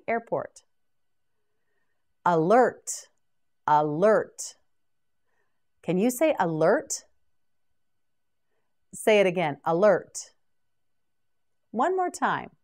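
A woman teaching English vocabulary in a scripted drill, pronouncing each word clearly and deliberately. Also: medium pitch, a little mellow.

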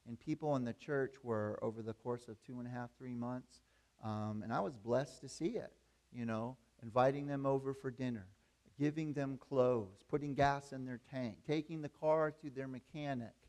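A male pastor preaching in a relaxed storytelling tone. He speaks at a middle pitch, and his voice rises into emphatic preaching. His delivery is plain and direct. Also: moderate pace. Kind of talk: sermon.

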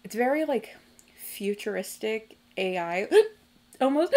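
A young woman hosting a music video reaction, talking casually and reacting excitedly with gasps, laughs and swearing. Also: medium pitch, slow. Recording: faint music behind.

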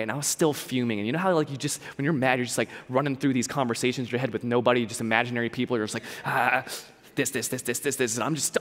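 A man's voice: medium pitch, a bit bright, long reverb tail. A young man giving a sermon as a pastor, telling a personal story in a conversational way with lots of repeats and fillers. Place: church hall.

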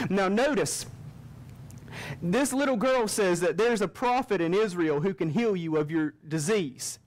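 A man's voice: sits high, moderate pace, rough recording. A man preaching a revival sermon in a church, reading scripture and acting out the quotes with frequent restarts. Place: church sanctuary.

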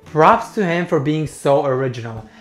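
A man's voice: a little high, expressive, moderate pace, reverberant. A young man giving reaction commentary as a YouTuber, mocking, incredulous and sweary.

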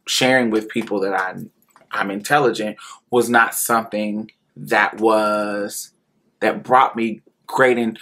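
An adult man from Indiana with a rural Indiana accent, slowly and candidly telling a personal story, often laughing and repeating himself. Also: mid-range voice, fairly bright tone.

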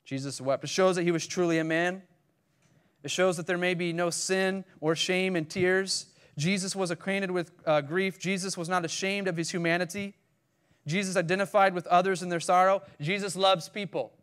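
Guy preaching a casual sermon, voice sits a bit high, chatty, reads verses out and asks the room stuff. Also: fairly even intonation, normal speed, a bit bright, smooth. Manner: conversational preaching, reads scripture aloud, asks congregation questions. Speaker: pastor.

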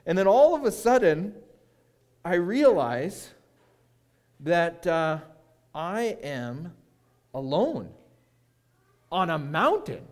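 A man preaching as a guest speaker, telling a personal story with dramatic pauses and hushed moments. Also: high voice, very animated.

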